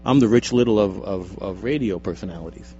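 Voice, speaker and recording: A man's voice: on the low side, a little fast, warm tone, lo-fi sound, slight background noise. A young man co-hosting a casual radio show, joking and teasing with many stammered restarts, talking into a studio mic with headphones. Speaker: radio co-host. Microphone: studio microphone with headphones.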